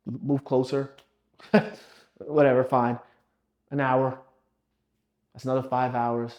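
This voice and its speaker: A young man giving a blunt, swearing motivational rant as a fitness vlogger, scolding the viewer and swinging from low muttering to loud pushing. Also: little pitch movement, slow, highs cut off.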